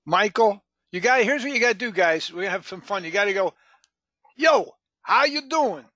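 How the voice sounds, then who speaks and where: Upbeat guy running a sales training call, bright high voice, kinda muffled online audio. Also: fast talker, dry recording. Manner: upbeat, joking, calls on people by name. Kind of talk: live group training call.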